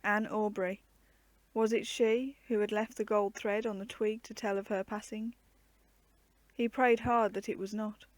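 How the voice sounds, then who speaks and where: A woman reading an adventure book aloud as a storyteller, measured and expressive. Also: medium pitch, dry recording.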